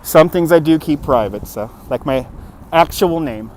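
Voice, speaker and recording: Walking a city street at dusk with a phone on a handheld gimbal, a man from New York City runs a jokey, chatty livestream tour and responds to viewer comments. Traffic and street sounds surround him. His voice is fairly high, animated, a little mellow and unhurried.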